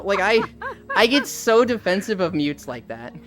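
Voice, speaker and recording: A woman's voice: medium pitch, normal speed, soft background music. A woman hosting a live stream, chatting casually with a guest, swearing freely and greeting chat viewers as she goes. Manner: animated, swears freely, reads chat aloud. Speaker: streamer host.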